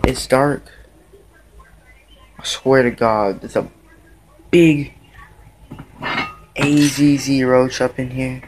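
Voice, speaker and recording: A young man vlogging from a dark bedroom at night, swearing and exasperated as he hunts a bug in his clothes. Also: medium pitch, background noise. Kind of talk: casual vlog commentary.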